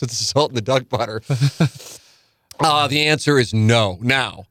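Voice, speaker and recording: A man's voice: medium pitch, measured pace, pauses often, bright, forceful tone, no echo, clean studio sound. A middle-aged man hosting a podcast in casual chat, tired and yawning, rambling and swearing freely. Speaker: podcast host.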